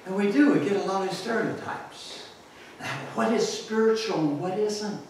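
An older male pastor preaching a sermon, an animated storyteller who laughs and acts out voices. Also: high voice, moderate pace, slight background noise. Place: church sanctuary. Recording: echoey church recording from far off.

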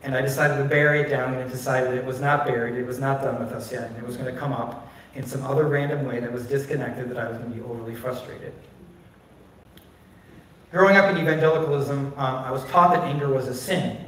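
A man's voice: mid-range voice, fairly even intonation, fast talker, a bit bright, slight background noise. A man pastor preaching a candid, conversational sermon full of personal stories and filler words, recorded on a phone in a church. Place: church sanctuary. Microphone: phone recording from a distance. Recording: distant, very echoey phone stream of a church.

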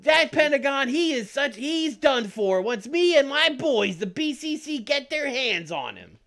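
A man's voice: extremely high pitch, very animated, vocal fry, sharp tone, voice pushed up, heavily acted. A man doing an impression of a brash young male wrestler trash-talking a rival, cocky and boastful. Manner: cocky, boastful, drawn-out threats.

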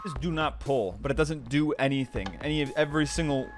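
A young man commentating his gameplay, easily spooked and prone to yelps and shouts. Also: on the high side, fairly quick, faint music behind. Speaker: gamer being pranked.

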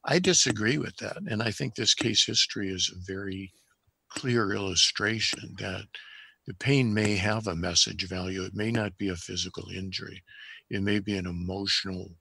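An older man, a physician guest on a podcast, telling a case history in a measured, reflective way. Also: on the low side, steady tone, gravelly, sharp tone, slightly rough, no echo.

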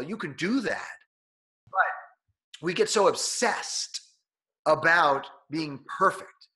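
A man being interviewed as a speaking coach, talking in an energetic, coaching way. His voice is a little nasal from being sick. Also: high-pitched, slow pace, pauses often. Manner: energetic, coaching delivery that acts out quotes. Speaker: guest, speaking coach and author. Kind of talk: conversational interview.

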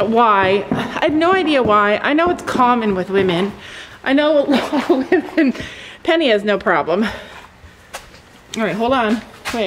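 Vlogging casually from a cold barn, a farm vlogger in her fifties talks candidly and emotionally, now and then breaking off to chat to her animals. Her voice is a little high and a bit bright, and the rough recording carries a little hiss or hum.

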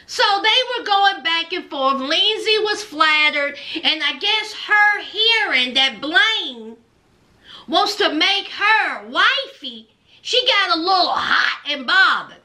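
A woman's voice: extremely high pitch, animated, slow, sharp tone. A woman giving a sassy, casual recap of a reality show and acting out the people in it. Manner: sassy, acts out the people she recaps in voices.

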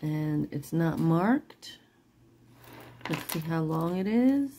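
A woman's voice: sits low, animated, slow pace, mellow, a little hiss or hum. A middle-aged woman selling jewelry online in casual, rambling chat, laughing often and apologizing after she curses. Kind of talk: casual live-sale chat.

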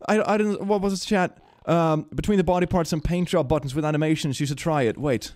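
A man streaming a video game, chatting and thinking aloud as he plays and often breaking into high laughter. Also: a little fast, darkish tone, dry recording, clean studio sound. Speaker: gaming streamer. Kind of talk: live game commentary.

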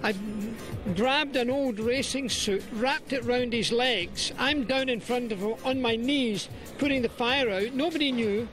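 A Scottish man telling a lively anecdote as a guest in a TV interview. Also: extremely high pitch, a little slow, faint music behind, poor audio.

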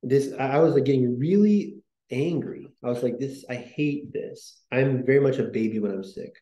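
A man hosts a podcast in loose, rambling talk, full of fillers and restarts. His voice is mellow and dark. The room around him is echoey. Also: mid-range voice, fairly quick. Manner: rambling, self-interrupting, many fillers. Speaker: podcast host.

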